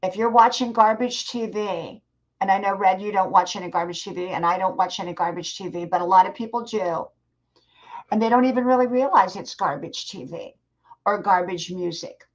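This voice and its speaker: Older woman, live-stream host, earnest motivational advice, mid pitch, dull lo-fi audio. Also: moderate pace. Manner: earnest, advising, addresses chat viewers directly.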